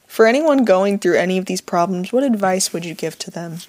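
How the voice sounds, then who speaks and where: A woman's voice: medium pitch, lively intonation, brisk, darkish tone, no room sound. A young woman co-hosting a casual couple's podcast, upbeat and talkative. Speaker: podcast co-host.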